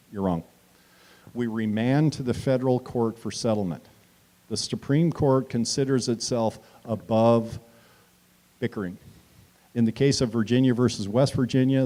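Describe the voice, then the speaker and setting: A man's voice: mid-range voice, warm tone. A man giving an impassioned speech at a town hall meeting, acting out quoted exchanges and addressing the audience directly.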